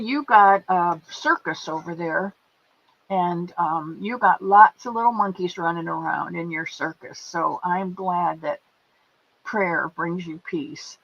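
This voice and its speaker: Slow, affectionate woman livestream host. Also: fairly low pitch, fairly bright tone, breathy edge. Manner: affectionate, calls viewers pet names. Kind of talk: casual chat greeting viewers and reading comments. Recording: dull lo-fi stream audio.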